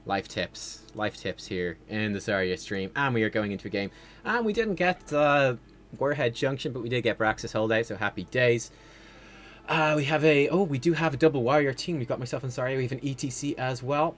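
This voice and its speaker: A man streaming a video game, giving casual, rambling commentary with sudden excited outbursts. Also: medium pitch, fairly quick. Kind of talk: casual livestream gameplay commentary.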